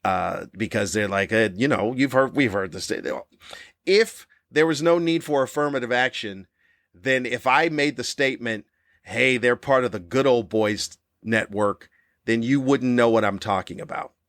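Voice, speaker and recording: A man in his fifties hosting a podcast, delivering a cranky comedic monologue with animated, ranting jabs. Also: moderate pace, dry recording, studio quality. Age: 50s. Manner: animated, ranting, with sudden high-pitched jabs. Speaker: podcast host.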